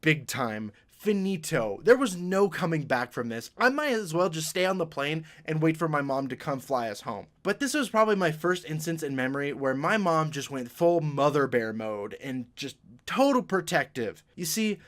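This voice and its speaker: A young man tells a childhood story in a lively, bright, fairly high voice. His pitch jumps around a lot, and he laughs often as he goes. It is a casual storytime vlog. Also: normal speed, few pauses. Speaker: vlogger.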